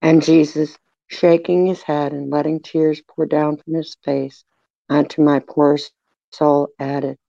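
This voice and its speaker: Slow, flat-voiced devotional reader. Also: mid-range voice, vocal fry, no room sound, dull audio. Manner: measured, even delivery. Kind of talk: devotional reading aloud.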